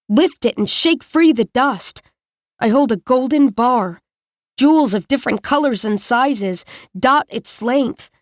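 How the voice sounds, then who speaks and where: A woman reads a first-person story with measured, tense delivery. Her voice sits a little high. The sound is dry and close to the mic. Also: no echo. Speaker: audiobook narrator. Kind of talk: first-person scripted narration.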